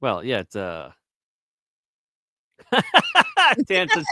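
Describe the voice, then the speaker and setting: Man, live-stream co-host, teasing, reads chat aloud, lively pitch, dry close sound. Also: normal speed, dry recording. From Canada. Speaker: podcast co-host.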